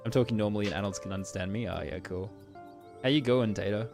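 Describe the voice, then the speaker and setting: Low voice guy streaming a game, laughs a lot, soft music behind. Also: fast, creaky. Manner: laughs often, reads game text aloud. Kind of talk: casual gameplay commentary.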